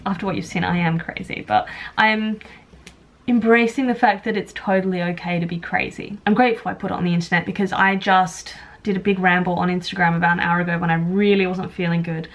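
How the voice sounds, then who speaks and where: A woman's voice: on the low side, fairly even intonation, a little fast. A young woman talking frankly to camera at home, rambling and self-mocking as she gives tips. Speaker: vlogger and childminder. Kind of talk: candid talk to camera. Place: home, moving between rooms.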